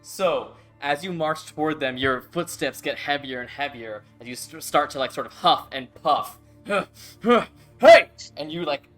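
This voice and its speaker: A man's voice: medium pitch, normal speed, few pauses, fairly bright tone, soft background music. A man narrating as game master of a tabletop game, loose and chatty with lots of fillers.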